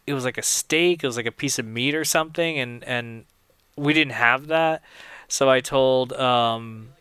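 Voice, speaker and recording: A man's voice: medium pitch, a bit bright, smooth, dry recording. A young man giving casual audio commentary on his own film, rambling and chatty, often laughing at his own jokes.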